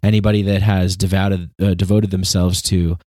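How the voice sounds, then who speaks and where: A man's voice: sits low, little pitch movement, normal speed, a little mellow, dry recording, clean studio sound. A man hosting a podcast, talking in a rambling, reflective monologue full of restarts and laughs. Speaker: podcast host. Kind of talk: casual monologue.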